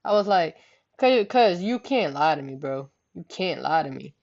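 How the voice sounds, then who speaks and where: A woman's voice: sits low, expressive, moderate pace, creaky, darkish tone. A young woman vlogger casually telling a story, slangy and full of "you know what I'm saying". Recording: dull lo-fi home recording.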